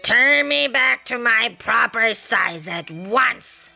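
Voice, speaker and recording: A rude, haughty rich old man from a storybook, sniffy and curt with everyone, as a woman puts him on. He snaps his short lines with disdain. The tone stays bright. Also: mid-range voice, fairly even intonation, slow pace, gravelly, faint music behind, full character voice.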